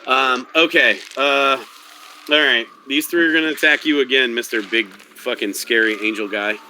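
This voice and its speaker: A man's voice: medium pitch, normal speed, sharp tone, slight background noise, rough recording. Casual, profane game master, man. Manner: casual, profane, stop-start. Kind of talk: running a tabletop game.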